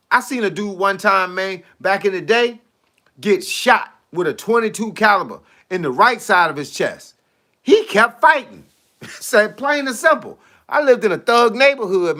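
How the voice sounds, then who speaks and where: A man with a high, bright voice talks loosely to viewers on a live stream as their fitness coach. He is animated and full of slang, breaks into laughter often, and the sound comes through a phone mic. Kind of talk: casual live stream chat.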